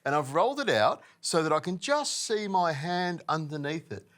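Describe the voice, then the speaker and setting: Playful chef explaining a recipe. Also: male voice, on the high side, very animated, moderate pace, fairly bright tone. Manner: chatty, playful, explaining step by step. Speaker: chef host. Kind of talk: cooking demonstration.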